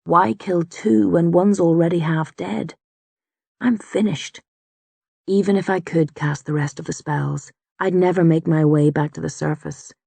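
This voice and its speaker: A woman voicing a wounded older male druid, gruff and stubborn, speaking low and strained in an audiobook. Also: fairly even intonation, measured pace, mellow, no echo, full character voice.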